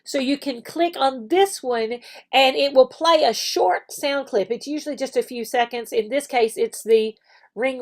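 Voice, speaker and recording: A woman teacher casually explaining how an online classroom works, with frequent fillers and restarts. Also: on the high side. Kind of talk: screen-share tutorial walkthrough.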